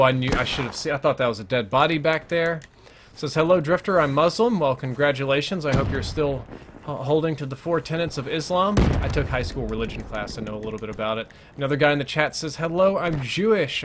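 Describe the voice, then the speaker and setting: Chatty male game streamer, slightly high. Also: a little hiss or hum. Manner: chatty, reads viewer chat aloud between plays. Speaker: gaming livestream host. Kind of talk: casual live gameplay commentary.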